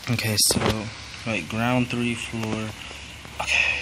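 A man's voice: lowish voice, flat delivery, slow. A man hosting a gaming video, chatting playfully with viewers as he plays. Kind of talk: casual gameplay commentary. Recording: loud background noise.

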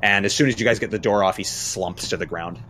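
Man, game master, lowish voice, dramatic horror narration, light background noise. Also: fast talker. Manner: lively, dramatic narration with fillers.

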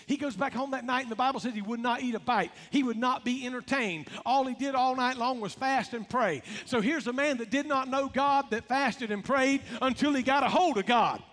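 A man with a Southern American accent preaching a sermon as pastor, often rising to shouts and stretching out his lines. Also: very high-pitched, brisk, hardly any pauses. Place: church sanctuary. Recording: long church hall reverb.

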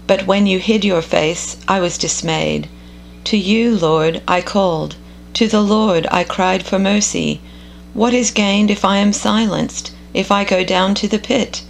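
A woman reading scripture aloud in a measured, contemplative devotional style. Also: mid-range voice, vocal fry, slight background noise, low-quality recording. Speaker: scripture reader.

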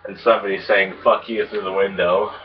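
A man giving casual game commentary, rambling and crude, laughing and jumping into high excited yelps. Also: brisk, recorded from a distance, dull audio, soft background music. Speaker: gameplay commentator.

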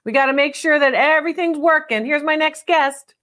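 Brisk high-voiced woman appraiser. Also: fairly bright tone. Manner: brisk, chatty, direct. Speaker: appraiser hosting a live call-in stream. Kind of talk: unscripted live appraisal chat.

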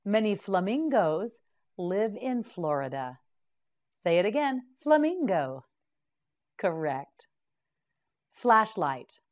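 A woman teaching English vocabulary in a scripted lesson. She pronounces each word clearly, pauses for the learner to repeat it, and answers with short praise. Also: mid-range voice, very animated, mellow. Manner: clear, careful enunciation with short encouraging praise.

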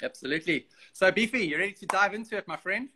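A man's voice: sits high, animated, fast, sharp tone. A man hosting a casual interview over a video call, chatty and teasing in his banter. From South Africa. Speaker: host.

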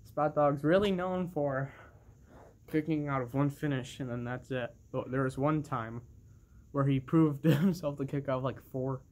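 A commentator calling a toy wrestling match with excitable bursts of oohs and laughter. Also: mid-range voice, unhurried. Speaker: play-by-play commentator.

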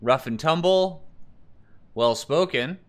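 A man's voice: a little high, lively intonation, takes it slowly. A man casually commenting on a survival game while picking options and reading the screen text aloud. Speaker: let's play gamer.

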